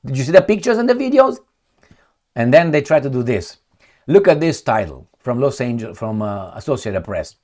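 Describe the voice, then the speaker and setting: A man's voice: medium pitch, big pitch swings, normal speed, a little mellow. A man hosting heated political commentary, sarcastic and indignant, firing off rhetorical questions.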